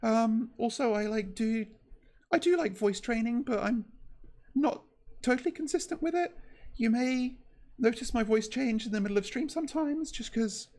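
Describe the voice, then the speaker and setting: A woman chatting casually on a stream, her voice pitched a bit high and slightly shaky. She talks in a halting, nervous way, stopping and restarting often and leaning on fillers. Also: expressive, warm tone. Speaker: VTuber streamer.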